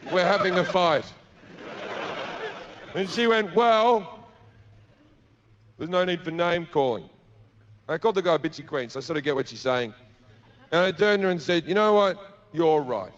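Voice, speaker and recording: A man's voice: high-pitched, normal speed, long pauses. A man with an Australian accent doing stand-up, telling a crude, profane story and acting out the people in it. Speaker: stand-up comedian. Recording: dull lo-fi live recording with noise.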